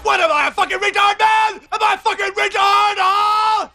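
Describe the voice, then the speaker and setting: A paranoid, unhinged man in a film scene, shrieking at a very high pitch in a gravelly voice. His words come out slurred, and his raw voice is harsh and piercing. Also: steady tone, normal speed, pushed and bright, shouting, a little hiss or hum, full character voice. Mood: screaming rage. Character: enraged paranoid man screaming at his girlfriend.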